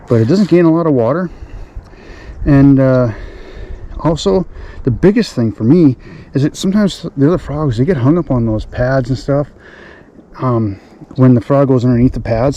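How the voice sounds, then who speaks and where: A man on a boat, chatting excitedly to the camera as he fishes. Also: medium pitch. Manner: excited, chatty, talks to himself while fishing. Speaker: fishing vlogger. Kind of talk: casual outdoor narration. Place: outdoors on a boat on a lake. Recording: outdoor noise, wind on the mic.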